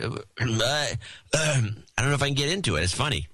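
A man with a bright, forceful voice reads out listener notes on a casual podcast, cracking jokes and slipping into silly voices. The sound is close and dry, with no room around it. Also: mid-range voice, lively intonation, a little fast, dry recording. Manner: reads letters in put-on voices, jokey. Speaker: podcast co-host reading donor notes. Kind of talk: casual banter, reading letters aloud.

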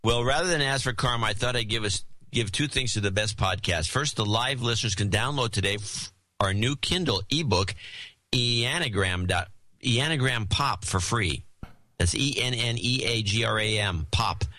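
A man with a bright, forceful voice reads out listener notes on a casual podcast, cracking jokes and slipping into silly voices. The sound is close and dry, with no room around it. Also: mid-range voice, normal speed, no echo. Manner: reads letters in put-on voices, jokey. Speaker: podcast co-host reading donor notes. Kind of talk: casual banter, reading letters aloud.

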